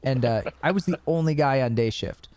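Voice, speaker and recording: A young man hosting a podcast, telling stories in a casual, animated way with plenty of swearing. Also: mid-range voice, a little fast, slight background noise. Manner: animated storytelling with profanity. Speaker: podcast host. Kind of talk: casual chat.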